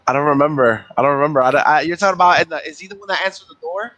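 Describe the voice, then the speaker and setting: Bright-voiced man chatting. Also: fairly high pitch. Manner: chatty, quick to laugh, restarts often. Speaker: podcast co-host. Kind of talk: casual chat.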